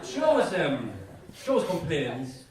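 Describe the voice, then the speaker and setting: English man, stand-up comic, lively swooping delivery, echoey club recorded from far off, crowd laughing. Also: on the high side, normal speed, heavy background noise. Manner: crude, self-deprecating, deadpan asides with rising rants. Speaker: stand-up comedian. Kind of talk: stand-up routine. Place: comedy club stage.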